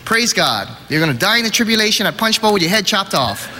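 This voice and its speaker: A man's voice: fairly high pitch, big pitch swings, measured pace, bright, forceful tone, full character voice. A man voicing an eager young male friend at church who speaks cheerfully about death. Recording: reverberant hall, faint noise.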